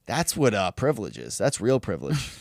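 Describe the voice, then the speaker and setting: Animated young man co-hosting a podcast. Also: on the low side, fairly quick, creaky, no room sound, clean studio sound. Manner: animated, laughs often, swears freely. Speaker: podcast co-host. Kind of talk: casual chat.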